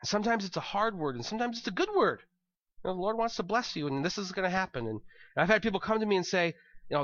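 A man's voice: high-pitched, animated, rapid-fire, a bit bright, no room sound, dull audio. A male pastor preaching a conversational sermon, often repeating words as he thinks aloud.

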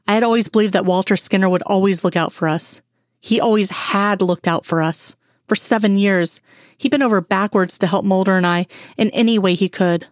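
A woman's voice: mid-range voice, a little fast, no room sound. Woman reading a story, dry sound. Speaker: reader. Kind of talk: first-person fan fiction reading.

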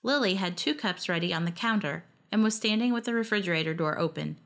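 Narrator: woman, first-person audio story, wry lively delivery. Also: on the low side, fast talker.

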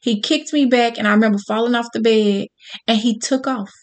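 A woman telling a personal story to an audience in a candid, profane, animated way. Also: a little high, fairly quick.

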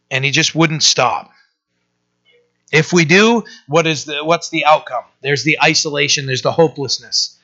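A man's voice: a little high, normal speed, sharp tone, lo-fi sound. A man preaching a sermon as pastor, earnest and plain-spoken, often restarting with fillers.

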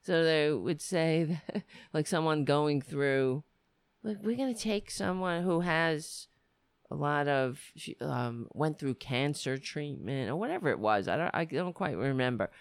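A woman's voice: deep voice, lively intonation, unhurried, clear, resonant tone, dry recording, studio quality. A woman delivering a sardonic, rambling comic monologue from the United States. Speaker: comedian. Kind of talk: stand-up style comic monologue.

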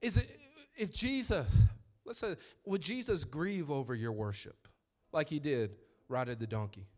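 Male pastor, 30s, animated sermon storyteller with a slightly higher voice. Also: a little slow.

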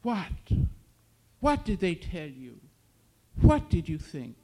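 A man voicing an ailing older man who gives calm, terse, blunt replies. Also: high voice, slow, full character voice. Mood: pressing.

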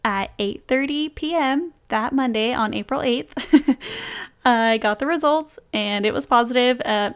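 A woman's voice: fairly high pitch, clear, resonant tone. A young adult woman telling a personal story in a casual, bubbly way, laughing often as she retells it. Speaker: vlogger. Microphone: close mic, reading from a journal.

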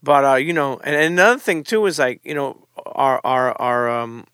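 Bright-voiced man hosting a relaxed chat. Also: mid-range voice, normal speed, clear, resonant tone, no room sound, studio quality. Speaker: podcast host. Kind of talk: casual podcast interview.

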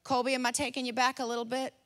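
A woman in her forties preaching a sermon, telling a family story in an animated way and acting out her son's lines. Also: high voice, very fast. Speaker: pastor.

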